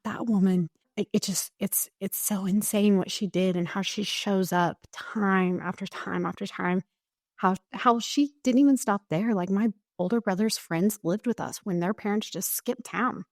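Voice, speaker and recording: A woman's voice: medium pitch, a little mellow, no echo, studio quality. A woman speaking as a podcast guest in a candid, heartfelt conversation. She is earnest and emotional and fills her speech with "like.". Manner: earnest and emotional, with many "like" fillers.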